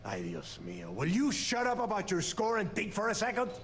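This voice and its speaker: A man's voice: sits high, huge pitch swings, fairly quick, fairly bright tone, a little hiss or hum, heavily acted. A man voicing a commanding, impatient male pirate boss in a video game, giving curt orders. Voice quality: gravelly. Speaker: game character.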